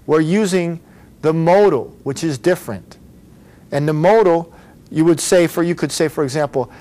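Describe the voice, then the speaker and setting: A man's voice: on the high side, a little mellow. Patient male English teacher with a slightly raised voice who drills phrases for students to repeat. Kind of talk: recorded English grammar lesson.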